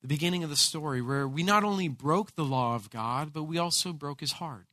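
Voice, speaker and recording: A man preaching a sermon as pastor, telling a personal story in an animated way with frequent repeated words. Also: on the high side, fairly quick, dry recording.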